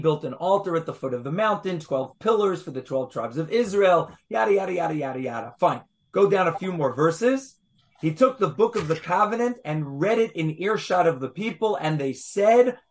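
A man teaching Torah to a small group, reading verses aloud and pressing his listeners with rhetorical questions. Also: high voice. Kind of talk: animated text study with a small group.

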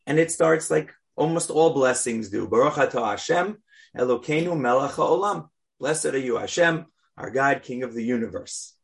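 Guy teaching a prayer class, kinda gravelly voice, slow and careful, punches the important words. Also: medium pitch. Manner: deliberate, stresses key words. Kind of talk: religious class lecture.

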